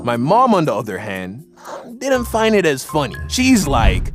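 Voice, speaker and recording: A man's voice: medium pitch, big pitch swings, a little slow, soft background music. A man casually telling a story from his own life in slangy talk, acting out the people in it. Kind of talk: animated storytime narration.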